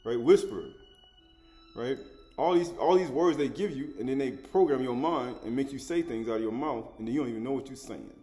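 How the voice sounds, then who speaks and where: A man's voice: mid-range voice, fairly quick, warm tone, soft background music. A man giving an informal spoken Bible study, chuckling often, repeating words and asking the listener "right?" as he goes. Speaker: scripture teacher.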